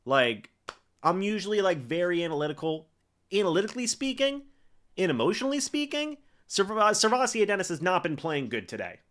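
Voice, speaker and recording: Animated young man reacting live. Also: high-pitched, fairly quick. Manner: excitable play-by-play with frequent fillers. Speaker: live-stream host. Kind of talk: live game reaction stream.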